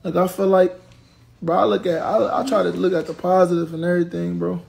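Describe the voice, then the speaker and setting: Young man ranting on a livestream, gravelly and high. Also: little pitch movement, fairly quick, a little mellow. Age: 20s. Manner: blunt, profane, ranting at commenters. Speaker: social media personality on a livestream. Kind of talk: venting on a livestream.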